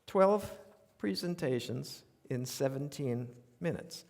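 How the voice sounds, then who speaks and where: Slow, gravelly and medium in pitch, an older man with a New York accent performs a humorous storytelling monologue on a theater stage. He's a radio commentator doing his essays before a live audience, wry and conversational with animated asides, in a live recording with long reverb.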